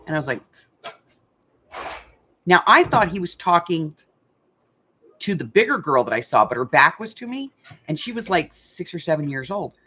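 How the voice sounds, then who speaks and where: An older woman hosting a craft channel, chatting casually as she tells a story with lots of fillers and animated retelling. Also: deep voice, normal speed, long pauses, slightly rough.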